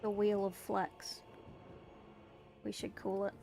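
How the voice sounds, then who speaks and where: A woman's voice: medium pitch, monotone, slow, creaky, mellow. A woman with a slight New Zealand tinge, chatting casually with stream viewers while painting miniatures, joking and self-mocking. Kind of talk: casual live-stream chat answering viewers. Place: dark room at home at night.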